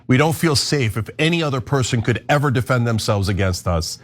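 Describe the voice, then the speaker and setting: Heated, lively American male commentator. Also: mid-range voice, fairly quick. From United States. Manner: heated, blunt, profane. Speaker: host. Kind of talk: political commentary rant.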